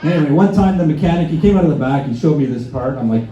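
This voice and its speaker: A man's voice: a little high, animated, quick pace, hardly any pauses, mellow. Sarcastic male stand-up comic. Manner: sarcastic, acts out phone calls with mock-pompous asides. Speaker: stand-up comedian. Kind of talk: live stand-up set. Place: bar and grill stage before a laughing crowd. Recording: echoey bar room, dull lo-fi sound.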